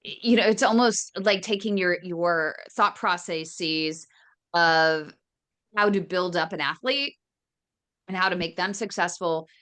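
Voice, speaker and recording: A woman with a slightly low voice co-hosting a radio interview. She talks in a relaxed, conversational way and checks in with the guest as she goes. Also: measured pace. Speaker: radio show co-host.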